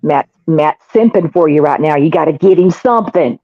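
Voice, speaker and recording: A woman hosting a livestream, teasing and joking in loud casual banter. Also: low voice, fairly quick, no room sound. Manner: loud, teasing, drawling jokes. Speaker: stream host. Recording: dull lo-fi stream audio.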